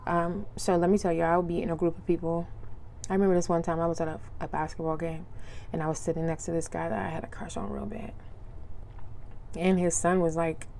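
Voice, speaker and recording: A young woman hosts her own podcast and talks casually and freely, with a slightly low voice. Her speech is loose and slangy. She tells stories from her life and acts out the lines of the people in them. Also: little pitch movement, brisk, darkish tone, a little hiss or hum. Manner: chatty storyteller, acts out quotes, laughs often. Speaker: podcast host. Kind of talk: casual solo podcast monologue.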